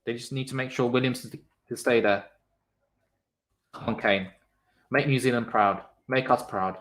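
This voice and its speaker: A young man calls a cricket match live for his stream viewers. He talks casually and reacts loudly to big shots. Between deliveries he chats with the people in his live chat. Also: mid-range voice, moderate pace. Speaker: livestream cricket commentator. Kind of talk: casual live watchalong commentary.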